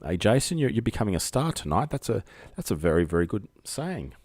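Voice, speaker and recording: A man's voice: fairly low pitch, very animated, a little fast, darkish tone, husky, no room sound. A man with an Australian accent hosting a casual live-streamed call-in show, rambling and joking at his own expense, speaking outdoors at night under spotlights. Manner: rambling, jokey, self-mocking banter.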